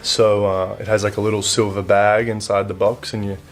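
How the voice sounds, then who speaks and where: A young man with an Australian accent talks in a low, easygoing voice, stopping often to hunt for words. His humor is dry and offhand. Faint guitar music plays softly behind him. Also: level tone. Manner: laid-back, dry humor, halting with fillers. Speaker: interviewee explaining slang. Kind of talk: casual explanatory talk.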